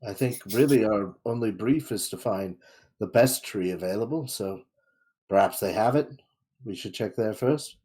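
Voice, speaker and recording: A man playing a tabletop game, talking in an unhurried, hesitant way. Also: fairly low pitch, mellow, slightly rough. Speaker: player. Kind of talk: casual tabletop role-play chat.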